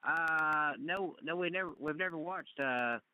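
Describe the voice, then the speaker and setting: A man hosting a wrestling talk show, asking questions in a halting way with many fillers. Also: on the high side, muffled recording. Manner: hesitant, many fillers and restarts. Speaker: podcast host. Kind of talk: casual interview chat.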